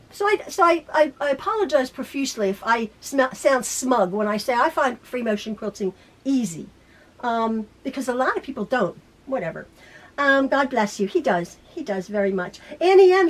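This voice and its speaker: A middle-aged woman in back pain, chatting casually to her quilting viewers in a rambling way with many restarts. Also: sits high. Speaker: quilting YouTuber. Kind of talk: casual chat to camera. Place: home sewing room.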